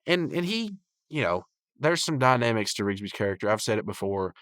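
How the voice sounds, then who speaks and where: A man's voice: lowish voice, very animated, fairly quick, fairly bright tone, no echo. A man hosting a podcast, recapping and reviewing a cartoon episode in a loose, rambling way with lots of fillers.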